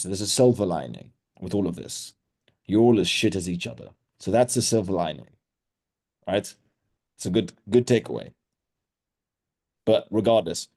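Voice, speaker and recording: A man's voice: lowish voice, expressive, moderate pace, long pauses, dark tone. A man running an online sales training call, blunt, with crude teasing humor.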